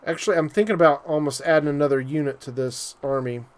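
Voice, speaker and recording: A man's voice: fairly high pitch, fast. A man giving loose, joking commentary while live-streaming a strategy game, with frequent fillers and asides to his viewers. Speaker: gaming streamer.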